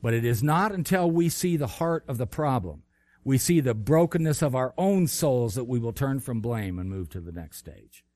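Guy preaching, bible story told with lots of ups and downs, mid pitch, dry no-echo sound. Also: normal speed. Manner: animated storytelling with swings between loud bursts and quiet low lines. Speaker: pastor. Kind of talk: sermon.

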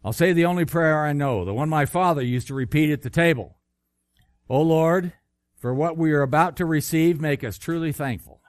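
Preacher doing a breathless, flustered man, raised pitch, a bit loud. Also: moderate pace, no echo, lightly acted. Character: flustered man named John, panting.

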